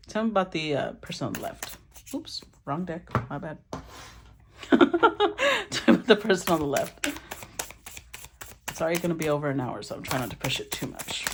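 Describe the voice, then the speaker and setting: A woman giving a casual tarot reading, talking in an animated, blunt way and swearing casually. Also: low voice, noisy background. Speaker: tarot reader.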